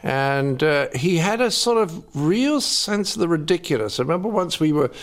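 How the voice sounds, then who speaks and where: An older man from England, telling stories in an interview with a dry, deadpan teasing manner. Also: on the high side, normal speed. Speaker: guest. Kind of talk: interview storytelling.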